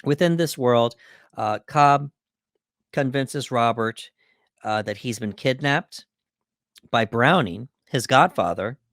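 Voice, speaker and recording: A man with a mid-range, fairly bright voice and lively intonation speaks slowly, leaving long pauses. He's a podcast co-host recapping a film's plot from his notes with plenty of fillers in a casual film breakdown. The recording is dry, clean studio sound.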